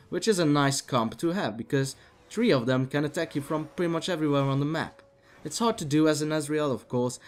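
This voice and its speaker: A man calling a video game match by himself, chatty and lively, now and then talking straight to the players on screen. His voice is a little dry and rough from talking. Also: medium pitch. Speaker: game commentator. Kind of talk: solo esports commentary.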